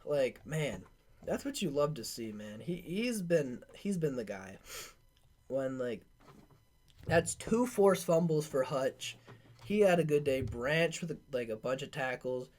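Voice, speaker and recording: A man's voice: mid-range voice, big pitch swings, unhurried, a little mellow. A man hosting a casual sports podcast, rattling off game stats with slangy filler words and loose asides. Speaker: podcast host.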